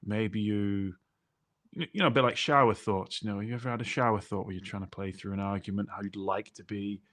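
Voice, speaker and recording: Male co-host, lowish voice, talkative explainer. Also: steady tone, brisk, fairly bright tone. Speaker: podcast co-host. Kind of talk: explanatory podcast chat.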